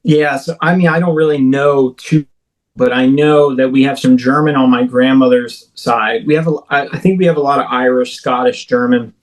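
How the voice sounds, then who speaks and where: A man's voice: medium pitch, steady tone, moderate pace, poor audio. A man in his thirties, an interview guest, telling a personal story vividly, with frequent halts and restarts. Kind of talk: recounting a personal experience in an interview.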